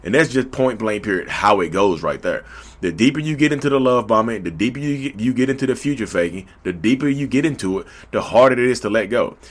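A man with a Southern drawl giving a casual, animated monologue to his listeners, repeating himself often. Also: mid-range voice, fast. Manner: animated, repetitive, talks to listeners directly. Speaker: podcast host.

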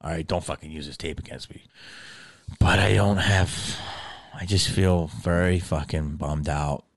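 A man venting in an agitated, profane rant, his voice often dropping low and quiet when he turns bitter. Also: fairly even intonation, measured pace, creaky, no room sound. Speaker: actor venting to camera.

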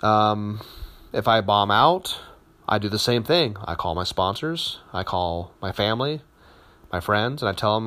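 A man in his thirties, a competitive powerlifter, telling his story in a relaxed, candid way with many fillers and repeated words. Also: fairly low pitch, a little slow. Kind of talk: casual spoken account.

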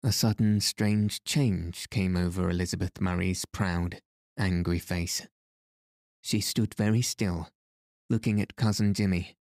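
A man narrating a novel as an audiobook in a measured, even reading voice. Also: low voice, no echo, clean studio sound. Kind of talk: scripted narration.

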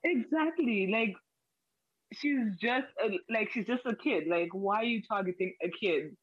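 A woman's voice: medium pitch, lively intonation, measured pace, slightly rough, dry recording, lo-fi sound. A woman chatting casually about a TV show, rambling with lots of "like" and restarts. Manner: rambling, many "like" fillers and restarts. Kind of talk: casual chat.

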